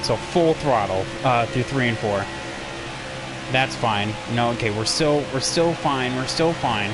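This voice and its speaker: A man's voice: medium pitch, a little slow, over loud music, rough recording. A young man commenting on a racing game replay for his stream, rambling and self-deprecating as he talks to his chat. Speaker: gaming streamer.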